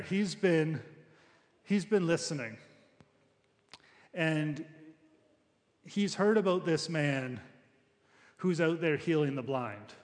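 Male pastor, fairly high voice, preaching in a casual, restarting style in a reverberant church hall. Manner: conversational preaching with frequent restarts. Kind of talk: sermon.

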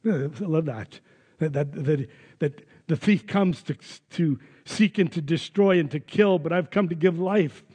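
A man's voice: a little high, unhurried, a little mellow, slightly rough, big-room sound. A man preaching a sermon as pastor, earnest and emphatic. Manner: earnest, emphatic, with some restarts. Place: church.

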